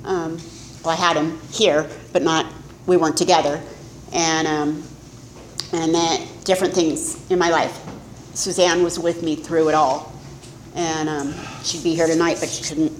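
This middle-aged speaker at a recovery meeting tells her own story candidly and with self-mockery. Her low voice barely moves in pitch and keeps a measured pace, against slight background noise in an echoey, faintly ambient room.

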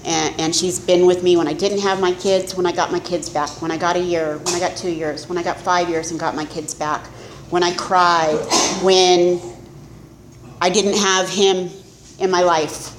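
A middle-aged woman speaks candidly about her own recovery at a meeting, mocking herself along the way. Her voice sits a little low. The room is echoey, with a faint hum of ambience behind her. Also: flat delivery, normal speed. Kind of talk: personal testimony talk.

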